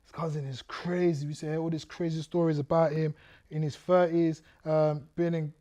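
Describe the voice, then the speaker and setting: A man's voice: fairly high pitch, little pitch movement, moderate pace, warm tone. A man, a guest speaker vividly telling his life story to an audience, acting out scenes and drawing the listeners in. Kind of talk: testimony storytelling to a youth audience.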